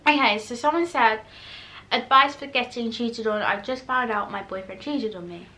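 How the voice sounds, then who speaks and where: A chatty woman in her twenties answers viewer questions in a relaxed vlog. Her voice is bright and forward, and she rambles with fillers, restarts and self-corrections. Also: a little high, normal speed. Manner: eating while talking at times. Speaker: YouTuber. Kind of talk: casual Q&A chat to camera.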